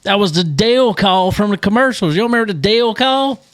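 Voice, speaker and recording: A man's voice: high-pitched, animated, a bit bright. Easygoing man reacting and laughing. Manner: laughs easily, quick reactive interjections. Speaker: podcast co-host. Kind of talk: casual chat.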